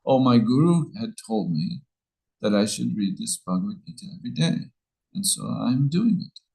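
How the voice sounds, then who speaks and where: A man voicing a humble, illiterate devotee who speaks softly and earnestly in a retold story. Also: medium pitch, animated, moderate pace, creaky, rough recording.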